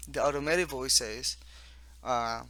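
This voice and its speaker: His voice medium in pitch, pushed and bright, an East Coast American man walks casually through a text game of his own making. He reads the on-screen lines haltingly, with restarts and asides along the way.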